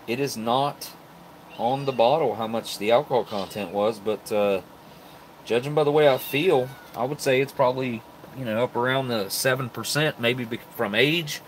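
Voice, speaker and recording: This MRE review vlogger has a medium-pitched voice at a moderate pace, recorded poorly with a little hiss or hum. Sitting at a table at home and a bit tipsy on beer, he unpacks food while chatting to the camera, rambling, relaxed, and thinking aloud with plenty of fillers.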